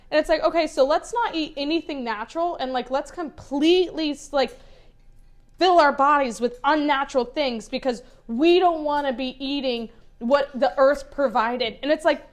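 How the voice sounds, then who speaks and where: A woman's voice: high-pitched, moderate pace. A woman co-hosting a casual podcast chat, ranting in a fired-up way and swearing a lot. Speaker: podcast co-host.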